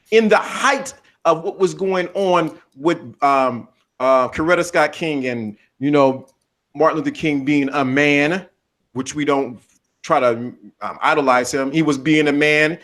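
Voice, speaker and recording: A man's voice: fairly high pitch, unhurried, fairly bright tone. A man co-hosting a podcast, talking in an emphatic, preachy way. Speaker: podcast co-host. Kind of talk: casual podcast talk.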